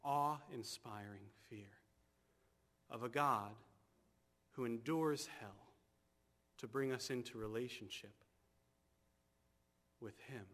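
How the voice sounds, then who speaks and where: A male pastor preaching a sermon in a church, moving from hushed, slow passages to loud, fervent calls. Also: mid-range voice.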